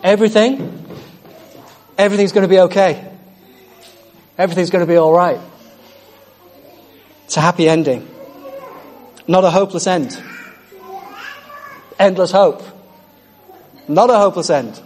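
A man delivering a sermon in a fairly high voice. He preaches with exuberant energy and repeats phrases for emphasis. At times his voice drifts away from the microphone. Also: unhurried, long pauses, a little mellow.

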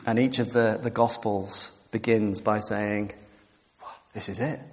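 A man preaching a sermon with animated emphasis, building to emphatic peaks and easing into quiet reflection. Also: fairly low pitch, unhurried. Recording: long hall reverb.

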